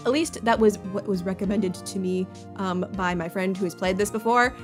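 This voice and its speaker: A woman's voice: mid-range voice, moderate pace, music in the background. Chatty young woman playing a game. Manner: rambling, chatty, giggly, many fillers. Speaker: let's play host. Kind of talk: casual game commentary.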